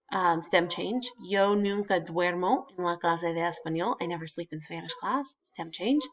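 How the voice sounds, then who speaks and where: A woman teaching a recorded Spanish lesson, talking students through the verbs step by step with casual fillers. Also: mid-range voice. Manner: chatty, explains step by step with fillers. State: has hiccups.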